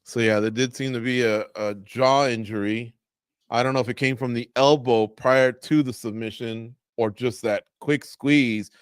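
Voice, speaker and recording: A man co-hosting a live fight watch-along, chatting casually and telling stories with lively acted-out quotes. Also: mid-range voice, moderate pace, clean tone, no echo, studio quality. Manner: animated storyteller, acts out quotes. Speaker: co-host.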